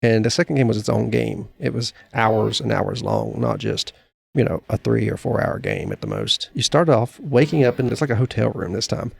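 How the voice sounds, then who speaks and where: A man's voice: lowish voice, sing-song, normal speed, creaky, husky. A man co-hosting a podcast, casually retelling things in a rambling way with fillers and restarts. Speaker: podcast co-host. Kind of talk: casual chat.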